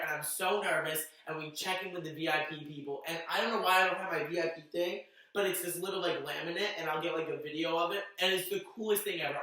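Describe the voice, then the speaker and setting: A man's voice: on the high side, bright, forceful tone, far from the mic. Gushing young man in an echoey room. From Massachusetts. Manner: gushing, breathless fan enthusiasm. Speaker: vlogger. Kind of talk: excited storytime vlog.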